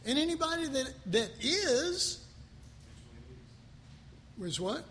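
A man preaching a sermon as pastor, animated and talking with his congregation, acting out other people's voices. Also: extremely high pitch, slow pace. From United States. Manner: animated, acts out quoted voices, asks the audience questions. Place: church hall. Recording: long hall reverb, faint background noise.

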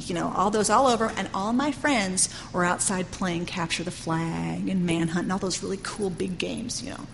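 A woman's voice: lowish voice, normal speed, gravelly, hardly any pauses, soft background music. A middle-aged woman teaching a sermon in an earnest, conversational way, often saying "you know". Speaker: Bible teacher. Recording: long hall reverb with faint ambience.

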